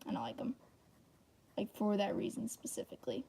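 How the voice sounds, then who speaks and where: A woman's voice: mid-range voice, sing-song, brisk, creaky, dark tone, husky. A woman hosting a casual livestream, rambling and thinking aloud while she draws, with many restarts. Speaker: channel host.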